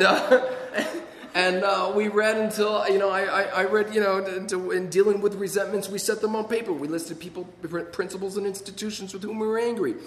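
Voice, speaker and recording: Man, storytelling, self-mocking, rambling, slightly high voice, echoey hall heard from a distance. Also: bright, forceful tone, a little hiss or hum. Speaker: speaker sharing his recovery story. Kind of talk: storytelling talk to an audience.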